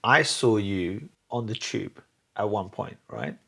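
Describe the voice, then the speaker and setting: A man's voice: on the low side, takes it slowly, creaky, pushed and bright, husky. A man hosting a casual interview, teasing and playful, who acts out the stories he retells. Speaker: host.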